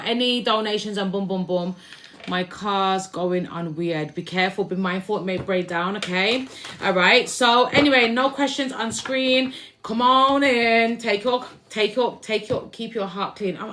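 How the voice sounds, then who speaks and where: A woman's voice: medium pitch, pushed and bright, slight background noise. A woman giving a casual, rambling live tarot reading to her viewers, repeating herself and restarting her words as she goes. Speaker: tarot reader.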